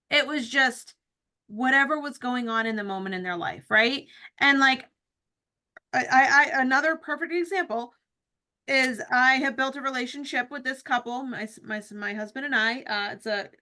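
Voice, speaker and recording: Woman host, high and bright, emphatic motivational talker. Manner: emphatic, keeps asking "right?". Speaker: host leading a team call. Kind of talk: motivational team talk.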